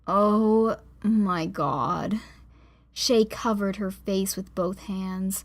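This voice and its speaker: A woman reads a scripted audiobook aloud in a medium-pitched voice, with a measured pace and expressive delivery.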